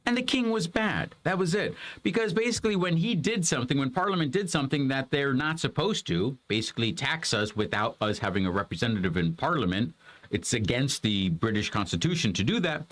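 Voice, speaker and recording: A man's voice: medium pitch, fairly quick. A man giving a casual, rambling history lesson to a child, with lots of fillers and restarts. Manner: animated, rambling, many fillers. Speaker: homeschool parent teaching history.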